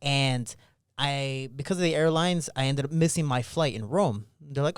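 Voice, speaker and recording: Smooth-voiced man telling stories casually. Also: medium pitch, brisk, dry recording, studio quality. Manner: animated, acts out remembered dialogue; casual, slangy. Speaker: podcast guest, pro fighter. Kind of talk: storytelling in a podcast interview.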